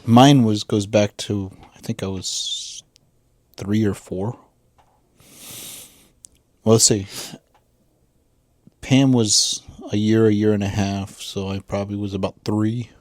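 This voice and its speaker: A middle-aged man from western Massachusetts, chatting casually as a podcast co-host and recalling things in a rambling, halting way full of restarts. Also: on the low side, fairly even intonation, darkish tone, no room sound. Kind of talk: casual conversation.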